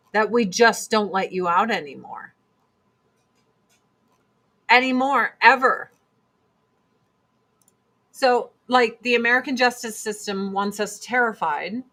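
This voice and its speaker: A woman's voice: mid-range voice, a bit bright. A woman hosting a casual monologue chat, blunt and emphatic, repeating her points for force. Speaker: host.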